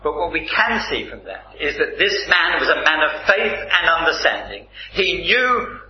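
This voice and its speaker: Slow, roomy-sounding male preacher. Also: fairly high pitch, big pitch swings, a little hiss or hum. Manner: measured, emphatic Bible teaching. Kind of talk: sermon. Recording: roomy, slightly dull recording.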